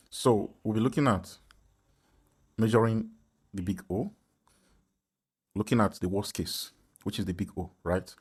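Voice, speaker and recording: Low-voiced man explaining step by step. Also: breathy edge. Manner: repeats "right?" often, explains step by step. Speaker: programming instructor. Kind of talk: tutorial lecture.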